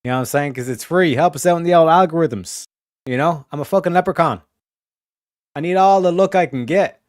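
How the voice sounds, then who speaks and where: A man's voice: a little high, a little fast, dry recording, clean studio sound. An Irish man hosting a stream in casual chat, rambling and swearing, repeating his catchphrases. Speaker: streamer host.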